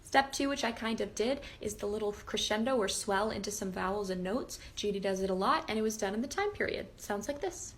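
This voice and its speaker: A woman's voice: medium pitch, expressive, a little fast, few pauses, a little hiss or hum. A young woman giving an upbeat, step-by-step vocal tutorial, plainly explaining how to imitate singers. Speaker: singer and impressionist teaching vocal impressions.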